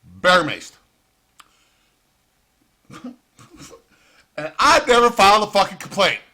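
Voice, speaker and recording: A man's voice: high-pitched, sing-song, takes it slowly, bright, forceful tone. A man ranting in profane, heated commentary with sarcastic outbursts. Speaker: vlogger.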